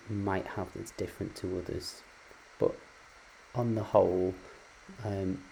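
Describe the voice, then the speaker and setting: A man gives a recorded phonics lesson, patient and explanatory, pausing on ums and uhs. His voice sits very low with a gravelly fry. Faint noise hums under the recording. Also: warm tone, poor audio. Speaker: teacher.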